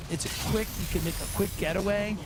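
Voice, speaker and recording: A man voicing a smooth, pushy male realtor making an ingratiating sales pitch to a client. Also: fairly even intonation, fast, noisy background, close to an everyday voice. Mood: salesy.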